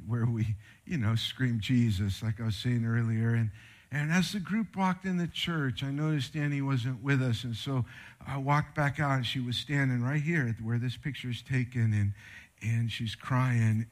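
A man preaching a sermon with slides, telling stories in an animated, conversational way. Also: mid-range voice. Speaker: pastor.

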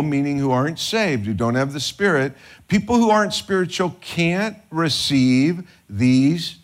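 Animated conversational male preacher. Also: mid-range voice. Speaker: pastor. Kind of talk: sermon.

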